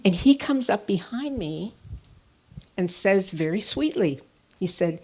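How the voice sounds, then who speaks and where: A woman therapist speaks to a conference audience from the stage, mixing teaching with stories from her own life. Her pitch sits in an ordinary middle range. She moves from hushed, dry asides to sudden emphatic bursts. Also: a little slow, pauses often, husky. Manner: animated storyteller, swings from quiet asides to emphatic bursts. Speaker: therapist giving a conference talk. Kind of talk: live conference lecture with personal stories.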